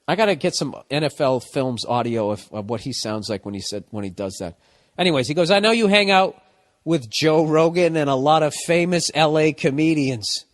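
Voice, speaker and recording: A man hosting a podcast, reading listener mail and riffing in a blunt, profane, jokey way. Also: a little high. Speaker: podcast host.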